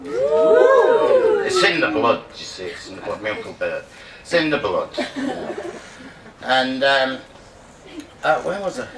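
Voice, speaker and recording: Rambling comic in an echoey hall. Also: male voice, mid-range voice, big pitch swings, unhurried, pauses often, slight background noise. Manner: rambling, keeps losing his place, banters with the crowd. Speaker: comedian performing at a reunion. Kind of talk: live stand-up comedy monologue. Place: hall at a treatment centre reunion, live audience. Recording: echoey room, distant mic, loud crowd ambience.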